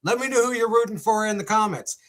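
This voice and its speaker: A young man hosting a casual sports commentary segment, talking in an excitable, exclamatory way. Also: sits high, fast talker.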